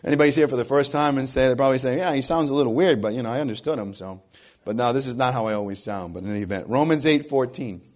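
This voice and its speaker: A man with a New England accent preaching a sermon as pastor, his voice hoarse and froggy, earnest and building to emphatic questions. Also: medium pitch, very fast. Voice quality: froggy, husky.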